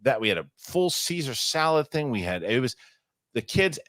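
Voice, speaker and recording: A middle-aged man hosting a casual podcast, rambling and excitable as he chats and reads ads. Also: mid-range voice, normal speed, dry recording, studio quality. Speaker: podcast host. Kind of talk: casual chat and live ad reads.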